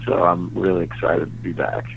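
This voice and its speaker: A young adult man from Texas with a New York-sounding accent, a stand-up comedian chatting casually as an interview guest, laid-back and trailing off quietly. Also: sits low, normal speed, creaky, slight background noise, poor audio. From Dallas, Texas.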